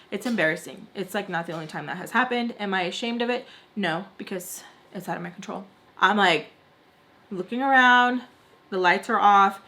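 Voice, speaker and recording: A woman's voice: medium pitch, a bit bright, a little hiss or hum. Young woman, casual storytime vlog, chatty, lots of "like", acts out quotes. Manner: chatty, heavy use of "like", acts out quoted lines. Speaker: vlogger.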